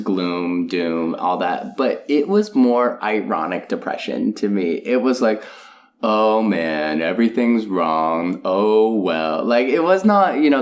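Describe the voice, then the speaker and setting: A man co-hosting a podcast in casual chat, earnest and agreeable, talking in long musing runs. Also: mid-range voice. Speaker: podcast co-host.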